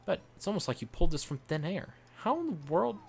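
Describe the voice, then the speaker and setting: A man's voice: high-pitched, very animated, quick pace, gravelly, very noisy, voice pushed up, full character voice. A man putting on a huffy, scolding young alchemist woman. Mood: impressed. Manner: exasperated, scolding. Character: bossy fussy female alchemy assistant.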